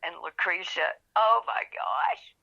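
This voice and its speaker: A woman's voice: on the low side, takes it slowly, gravelly, highs cut off. A woman author, telling her story as a podcast guest and acting out the voices of the people in it. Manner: animated storyteller, acts out quoted voices, gets emotional. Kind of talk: storytelling in an interview.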